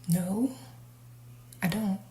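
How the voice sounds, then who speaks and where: A woman casually telling a personal story to her viewers, candid and animated as she acts out the dialogue. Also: medium pitch, extremely slow. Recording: echoey room, faint noise.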